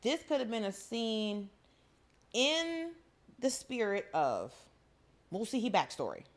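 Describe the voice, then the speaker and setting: A blunt woman co-hosting a casual podcast, swearing freely as she recaps a drama. She mockingly acts out what the characters say. Her voice is a touch higher than average. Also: big pitch swings, takes it slowly. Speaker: podcast co-host.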